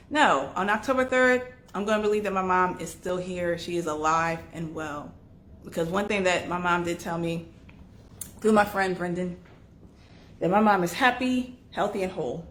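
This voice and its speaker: A woman host talking candidly and emotionally about grief, her voice wavering between soft and loud. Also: fairly low pitch, roomy sound. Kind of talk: candid personal talk on grief.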